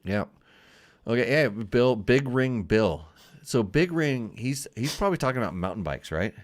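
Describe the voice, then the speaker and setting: A man's voice: medium pitch, lively intonation, normal speed. A man hosting a casual podcast chat, rambling and restarting words as he talks. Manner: rambling, repeats words, laughs often. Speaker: show host.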